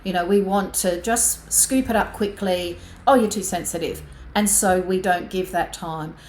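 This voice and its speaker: Soft-spoken woman co-host, echoey room. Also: fairly low pitch, fairly even intonation, measured pace, a little hiss or hum. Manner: soft, affirming, frequent "you know". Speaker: podcast co-host. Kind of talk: casual reflective chat.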